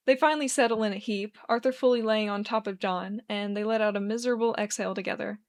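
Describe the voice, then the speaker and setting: A woman narrating a fan story aloud in a steady, even way, with a voice of middling pitch. Her pacing is plain and unhurried as she walks through the scenes. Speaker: fan fiction reader.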